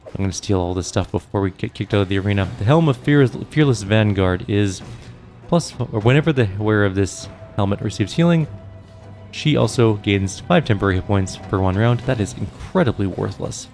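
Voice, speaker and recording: A man's voice: lowish voice, fairly quick, darkish tone, soft background music. A man casually commentating a game and reading its dialogue aloud, with dry, offhand remarks. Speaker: gaming YouTuber.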